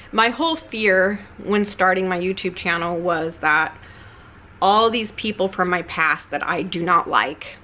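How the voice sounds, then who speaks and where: A woman's voice: medium pitch, sharp tone, a little hiss or hum. A woman YouTuber talking candidly and a bit ramblingly in a personal vlog, her tone subdued and confessional.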